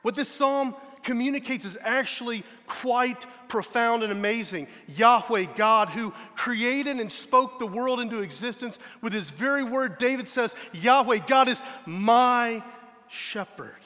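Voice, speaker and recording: A man's voice: very high voice, unhurried, few pauses, bright, forceful tone. A man preaching a sermon as pastor, earnest and emphatic, often restarting his phrases. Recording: long hall reverb.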